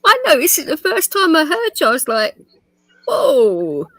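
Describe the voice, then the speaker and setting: A woman with a high, bouncing voice chats casually as host, teasing, swearing freely and laughing a lot. She is recorded close and dry, with no room sound around her. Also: big pitch swings, brisk, pushed and bright, no room sound. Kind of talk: casual chat.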